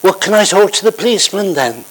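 A man's voice: sits high, animated, fast talker, fairly bright tone, pitched above the performer's own voice, low-quality recording. A man playing a puzzled businessman on the phone. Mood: puzzled, polite. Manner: polite, increasingly puzzled questions. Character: worried adult male businessman boss on the phone.

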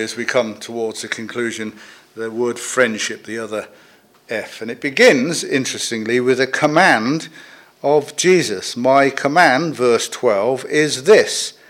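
Guy in his 40s or 50s preaching, chatty, bit of gentle humour, some ums and pauses. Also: medium pitch. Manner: conversational, gently humorous, with pauses and fillers. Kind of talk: sermon. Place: church, services also on video call.

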